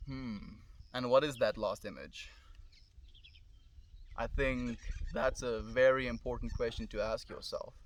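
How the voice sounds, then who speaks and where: Musing South African man outdoors. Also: medium pitch. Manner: musing, loose and thoughtful, drifting between ideas. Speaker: streamer. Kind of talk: casual reflective livestream monologue. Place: outdoors in the country. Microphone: camera mic.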